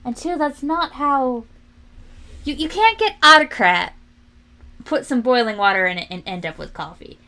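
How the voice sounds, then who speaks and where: A woman's voice: high-pitched, animated, normal speed, pushed and bright. A young woman streamer chatting casually and animatedly while she works, quoting people in raised voices. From family from New England, lives in Florida.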